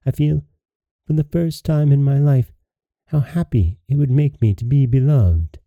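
A man's voice: medium pitch, a little slow, no echo, phone-quality sound, close to an everyday voice. A shy, humble young princess, as a man reads her. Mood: modest.

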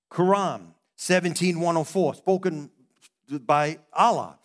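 A man's voice: a little high, a little slow. A middle-aged man, a pastor, preaching a sermon in a conversational way, often stopping and restarting his sentences.

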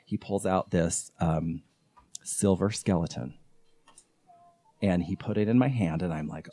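A man's voice: low-pitched, a little slow, long pauses. A man on a podcast telling a long personal story about a strange night, acting out the voices of the people in it. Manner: animated, acts out quoted voices. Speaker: podcast guest. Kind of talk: casual storytelling.

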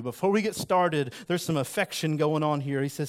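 A man's voice: a little high, normal speed, few pauses. Earnest conversational male preacher. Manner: conversational, earnest, voices quoted lines with rising emphasis. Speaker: pastor. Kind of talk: sermon.

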